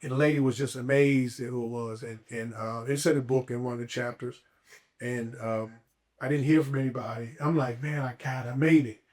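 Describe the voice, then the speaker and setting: A man's voice: mid-range voice, fairly even intonation, brisk, a little mellow. A man, a guest on a podcast, telling a personal story in a casual, emphatic way and acting out his own past thoughts.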